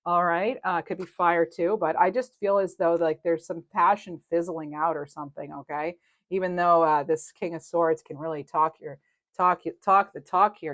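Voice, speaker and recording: A woman giving a casual tarot reading to camera. She is chatty, gentle and sympathetic, thinks aloud and often laughs. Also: fairly low pitch, dry recording. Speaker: tarot reader.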